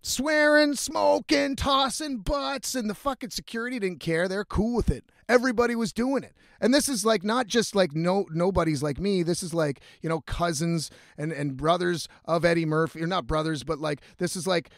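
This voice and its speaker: A man's voice: high-pitched, fairly quick, few pauses, no room sound, studio quality. A young man telling a rambling, profane party story in a casual vlog, full of restarts. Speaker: vlogger.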